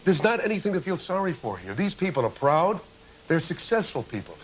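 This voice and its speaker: A man's voice: fairly high pitch, sing-song, brisk, breathy edge, low-quality recording. A man giving an impassioned, lecturing speech as a guest on a television talk show, full of rhetorical questions. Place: TV studio with audience.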